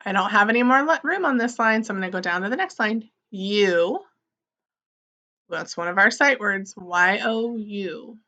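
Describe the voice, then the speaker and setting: A woman teaching an early-grade writing lesson, spelling words sound by sound and gently asking and answering her own questions. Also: mid-range voice, lo-fi sound. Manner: slow, sound-by-sound spelling for young children; gently encouraging, asks questions and answers them.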